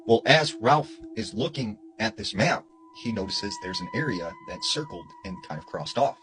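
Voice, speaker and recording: A man's voice: mid-range voice, wildly swooping pitch, normal speed, a bit bright, a little hiss or hum, poor audio. A man retelling a story in a casual, conversational way, with lots of "you know" and "like". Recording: music playing underneath.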